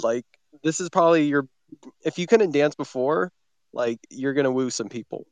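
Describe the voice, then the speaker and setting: A man's voice: fairly high pitch, normal speed, a little mellow, no room sound. Man narrating an improvised scene. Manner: loose, filler-heavy scene-setting. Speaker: story narrator, game master.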